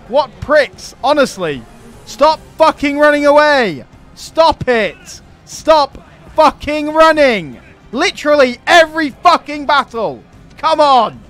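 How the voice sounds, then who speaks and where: Brief: male let's-play host, high-pitched voice, chatty and excitable, quick to swear and rant, faint music underneath. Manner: chatty, excitable, swears freely and rants at the enemy. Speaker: gaming channel host. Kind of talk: strategy game commentary.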